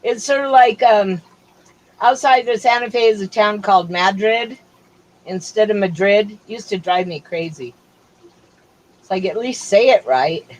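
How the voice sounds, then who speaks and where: A woman's voice: medium pitch, moderate pace, a little mellow, low-quality recording. Rambling middle-aged woman streamer. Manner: rambling, chatty, drifts between topics with fillers. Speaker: livestream host. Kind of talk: casual chat.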